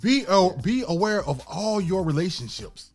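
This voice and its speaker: High, lively man hosting a podcast. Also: moderate pace, faint music behind. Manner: laughing, stumbling through points. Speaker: podcast host. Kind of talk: casual podcast chat.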